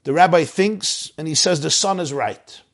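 Man, high voice, sermon storytelling, animated. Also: moderate pace. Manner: animated, acts out shouting voices.

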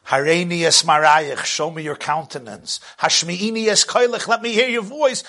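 A man giving a sermon as a religious teacher, animated, swinging from hushed asides to loud bursts and laughing at his own jokes. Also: high voice, moderate pace, few pauses.

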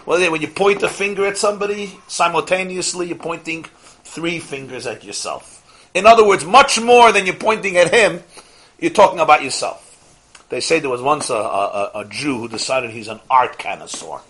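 A man teaching a weekly class, telling stories in a lively way and putting questions straight to his listeners. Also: fairly high pitch, a little fast, breathy edge. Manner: animated storyteller, talks to listeners directly with questions. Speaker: religious teacher.

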